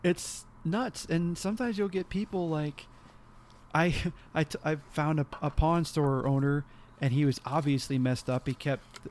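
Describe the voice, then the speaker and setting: A man co-hosting a podcast in casual chat, telling rambling, animated stories and laughing often. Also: fairly high pitch, a little slow. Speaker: podcast co-host.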